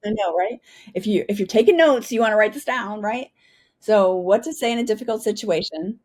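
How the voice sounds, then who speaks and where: A woman's voice: medium pitch, a little fast, darkish tone, soft background music. A middle-aged woman from the United States, a retired Army pilot, telling her story as a guest and often asking "right?". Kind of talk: storytelling interview.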